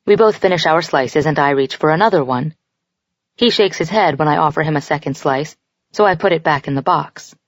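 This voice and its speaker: A woman narrating a romance audiobook in the first person, calm and even. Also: low voice, dry recording.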